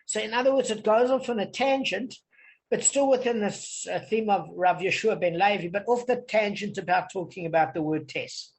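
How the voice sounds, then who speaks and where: A man's voice: high voice, normal speed. A man from Africa, leading an online Talmud study group and explaining patiently, often checking that everyone follows. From South Africa.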